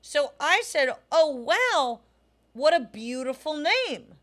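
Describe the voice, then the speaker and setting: A woman's voice: high voice, very animated, slow pace, a bit bright. A young adult woman co-hosting a comedy podcast, telling stories emphatically in casual chat and swearing freely. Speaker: podcast co-host.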